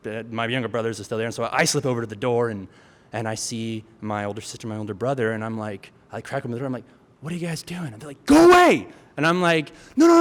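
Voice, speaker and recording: A man in his thirties telling a true story on stage, chatty and animated, full of filler words, acting out his siblings with sudden shouts. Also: mid-range voice. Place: theater stage before an audience. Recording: long hall reverb, faint ambience.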